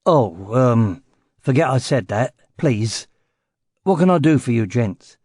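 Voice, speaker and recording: A man's voice: medium pitch, expressive, slow pace, a little mellow, dry recording, clean studio sound. A man voicing a chatty ex-military gate guard with a Cockney accent. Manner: chatty, blustering.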